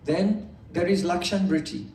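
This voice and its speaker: A man with a mellow, fairly high voice gives a morning scripture class, explaining patiently through homely examples and light humor. He sounds distant from the mic, in an echoey room. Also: moderate pace. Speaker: spiritual teacher. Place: indoor hall with a live audience.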